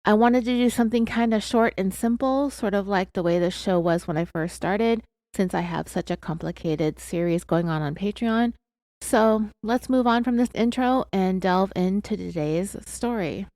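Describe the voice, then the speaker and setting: A woman's voice: mid-range voice, normal speed, a little mellow, no room sound, studio quality. A woman hosting a true crime podcast, talking in a candid, confessional, chatty way with plenty of fillers while fighting off hiccups. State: has hiccups. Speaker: podcast host.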